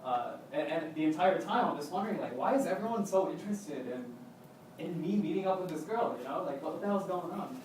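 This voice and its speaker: A young man tells a story in a casual, rambling way, jumping into quoted voices as he goes. His voice sits a little high. He sounds far from the mic in a very echoey room with faint background noise. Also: expressive, fairly quick, darkish tone. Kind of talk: casual spoken anecdote.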